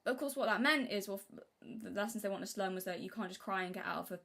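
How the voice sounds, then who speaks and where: A young woman from Britain chats on a live stream at a quick clip. Her sentences tumble out full of restarts and asides, and her voice sits at an ordinary middle pitch. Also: fairly bright tone. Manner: rambling, self-interrupting, acts out childhood quotes in a high voice. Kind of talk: casual live-stream chat.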